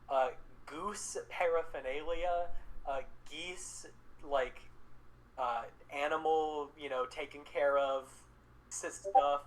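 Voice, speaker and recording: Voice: mid-range voice, rough recording. A game master narrating a tabletop game in a loose, rambling way, with lots of fillers and swearing.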